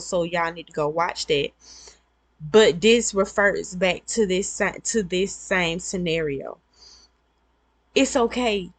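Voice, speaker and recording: A woman's voice: mid-range voice, fairly bright tone, no room sound. A woman vlogger giving earnest, repetitive, conversational advice to her viewers. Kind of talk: casual advice monologue.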